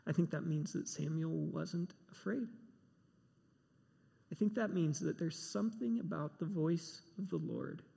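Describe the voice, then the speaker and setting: A man's voice: on the high side, unhurried, creaky, mellow, husky. A man preaching a sermon, emphatic and given to repeating himself. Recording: long hall reverb.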